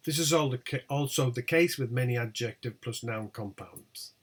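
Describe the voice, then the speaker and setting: A man teaching a lecture on English word stress, speaking slowly and deliberately and over-stressing each example word. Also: medium pitch, a bit bright. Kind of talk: lecture on pronunciation.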